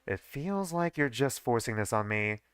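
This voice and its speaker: A man's voice: mid-range voice, lively intonation, moderate pace, a bit bright, clean tone, no room sound, clean studio sound, voice pushed down, natural voice. A man reading as a blunt skeptical schoolgirl. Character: wary, blunt young female student.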